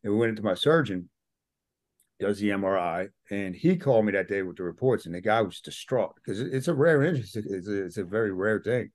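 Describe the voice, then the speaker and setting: A man's voice: fairly low pitch, quick pace, dry recording, studio quality. A middle-aged man, a podcast guest, telling a personal story in a casual interview and acting out what people said. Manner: animated storyteller, acts out quotes.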